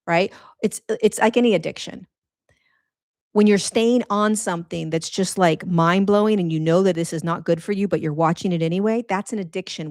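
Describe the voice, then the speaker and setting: A middle-aged woman talks earnestly to her followers about spiritual matters, rambling and casual, often restarting her sentences. Her voice sits a little low. The sound is close and dry, with no room around it. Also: dry recording. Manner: earnest, rambling, conversational with many restarts and fillers. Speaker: spiritual teacher.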